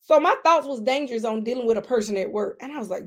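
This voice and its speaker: A woman with a high voice preaches a conversational sermon. She talks straight to her listeners, stresses key lines hard and then drops into quiet asides. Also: expressive, brisk, pauses often. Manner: emphatic, addresses listeners directly; swings between loud emphasis and quiet asides.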